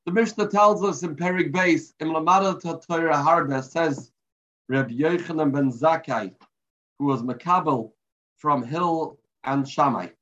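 Guy teaching a torah class, kinda high voice, tells stories, muffled lo-fi audio. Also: unhurried, a bit bright. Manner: storytelling, mixing in Hebrew terms. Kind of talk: weekly religious lesson with a parable. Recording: dull lo-fi recording.

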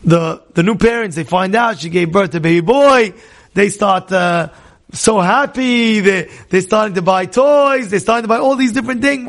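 Male religious teacher, high and gravelly, chatty storyteller who keeps asking the room questions. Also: a little slow, fairly bright tone. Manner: conversational, repeats himself, quizzes listeners. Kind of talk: storytelling Torah class.

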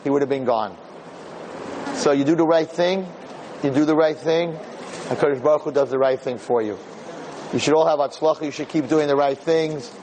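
Rabbi guy, kinda high voice, acts out all the dialogue, repeats himself, bit of hum behind. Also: normal speed, long pauses, a little mellow, poor audio. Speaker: rabbi and teacher. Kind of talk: storytelling Torah talk.

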